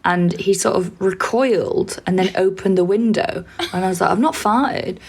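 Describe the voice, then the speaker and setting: A woman, cohosting a comedy podcast and telling stories quickly and chattily, with some swearing. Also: medium pitch, darkish tone, a little hiss or hum. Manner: fast, chatty storytelling, swears. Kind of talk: casual chat.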